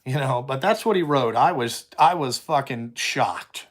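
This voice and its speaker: A man's voice: mid-range voice, measured pace. A young man who owns a trucking company, chatting casually with viewers and answering them bluntly with heavy swearing.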